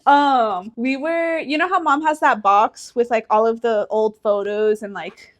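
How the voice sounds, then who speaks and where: A young woman with a high, light voice chats casually on a podcast. She tells family stories with lots of energy, acts out what people said, and breaks into laughter often. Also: unhurried. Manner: animated storytelling, acts out quotes, laughs often. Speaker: podcast co-host. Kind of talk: casual sibling chat.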